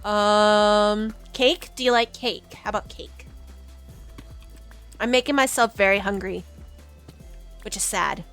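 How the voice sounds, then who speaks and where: A woman's voice: medium pitch, steady tone, slow pace, long pauses, fairly bright tone, soft background music. A young adult woman streamer chatting casually to her viewers, giggly and rambling, often restarting her sentences. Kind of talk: casual livestream chat with chat.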